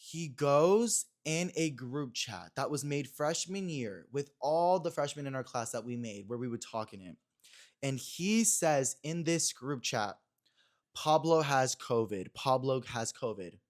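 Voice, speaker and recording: A man's voice: medium pitch, lively intonation, unhurried. A young man hosting a podcast in a small room, chatting casually and acting out quotes as he retells a story. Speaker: podcast host.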